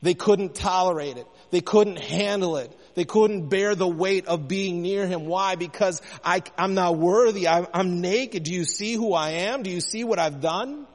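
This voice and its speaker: A man's voice: high-pitched, moderate pace, few pauses, big-room sound. A man preaching a sermon, impassioned, his intensity rising and falling as he speaks.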